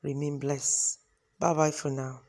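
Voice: medium pitch, flat delivery, unhurried, gravelly, darkish tone. A preacher, earnestly praying and declaring blessings to close a devotional. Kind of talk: closing prayer and blessing.

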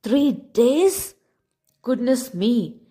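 A woman's voice: fairly high pitch, expressive, drawn-out words, mellow, voice pushed up. A woman voicing a shabby, polite wandering man who coaxes and persuades. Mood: coaxing. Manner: polite, courtly and coaxing.

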